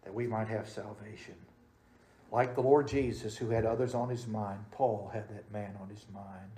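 A man preaching a sermon as pastor, swinging between loud, emphatic passages and soft, hushed ones. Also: on the low side, fairly even intonation, moderate pace. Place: church sanctuary. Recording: roomy church echo.

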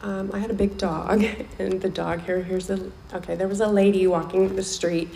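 At a recovery meeting, a woman tells her personal story candidly and with emotion, repeating phrases to give them weight. Her mid-range voice is gravelly and mellow, with little pitch movement and a moderate pace. The room is echoey, with faint background noise.

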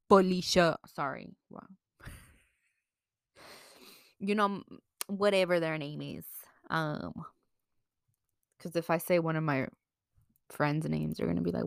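A woman's voice: deep voice, slow, creaky, long pauses, no room sound, studio quality. A young woman giving casual life advice to camera, chatty and frank, swearing freely and slipping into Mexican Spanish now and then. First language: bilingual, slips into Mexican Spanish. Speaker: vlogger.

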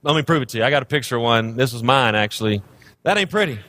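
A man's voice: mid-range voice, animated, fast, sharp tone. Man, 30s, guest pastor, humorous sermon, joking, self-deprecating storyteller.

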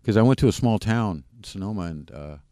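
A man, a podcast guest, candidly telling his personal recovery story in a plain-spoken, halting way with frequent restarts. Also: lowish voice, animated, dark tone, no echo, clean studio sound.

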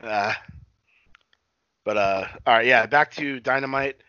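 A man's voice: medium pitch, measured pace, pushed and bright, clean tone, no echo. A man co-hosting a casual wrestling podcast, talking in a profane, rambling way. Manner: profane, rambling, retells scenes. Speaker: podcast co-host. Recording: dull dry lo-fi sound.

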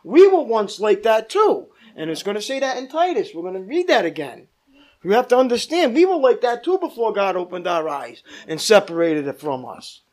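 A man's voice: high-pitched, sing-song, moderate pace, a little mellow. A male pastor leading a Bible study, teaching emphatically, repeating points and asking the group questions.

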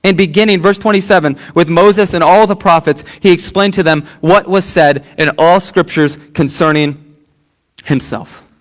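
High-voiced man preaching a sermon. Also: moderate pace. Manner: emphatic preaching with repeated phrases and questions to the congregation. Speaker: pastor.

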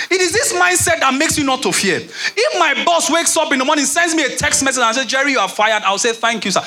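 A young Nigerian man gives an animated sermon as a pastor, returning again and again to certain phrases. When he quotes someone, he drops his voice low to act it out.

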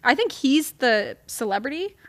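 A young woman in her twenties co-hosting a podcast, chatting about pop-culture gossip with quick asides and frequent laughter. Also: high voice, very animated. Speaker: podcast co-host. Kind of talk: casual chat.

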